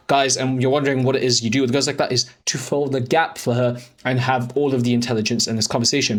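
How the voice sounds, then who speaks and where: A young man rattles through chat screenshots at a quick clip, in a middling-pitched voice. He mocks and swears freely as he explains his dating tactics to viewers. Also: fairly bright tone. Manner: profane, mocking, rapid-fire banter. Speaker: dating coach. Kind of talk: voice-over commentary on chat screenshots.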